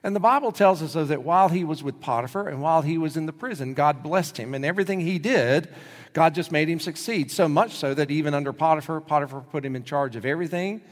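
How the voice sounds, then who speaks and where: A man's voice: fairly high pitch, quick pace. A male pastor preaching a sermon, telling stories and acting out the quoted voices in them. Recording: long hall reverb.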